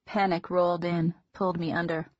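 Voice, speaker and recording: A woman narrating an audiobook in a measured, intimate first-person reading. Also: on the low side, level tone, darkish tone, dry recording. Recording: dull lo-fi recording.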